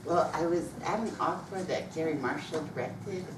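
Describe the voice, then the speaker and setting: A woman's voice: low-pitched, moderate pace. A woman in the audience sharing a story of her own in a chatty way. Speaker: audience member asking a question. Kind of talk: casual remark from the audience. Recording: distant, roomy, loud room noise.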